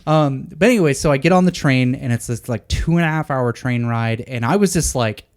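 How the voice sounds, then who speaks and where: With a clear, resonant mid-range voice and a slightly quick pace, this thirty-something American man co-hosts a podcast. He's lively as he recounts a story in relaxed conversation, voicing each character's dialogue himself.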